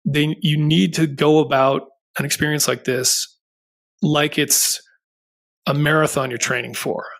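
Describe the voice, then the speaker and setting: A man's voice: on the high side, flat delivery, measured pace, vocal fry, fairly bright tone. A middle-aged man hosting a podcast interview, telling a personal story in an earnest, rambling way with many restarts. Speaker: podcast host.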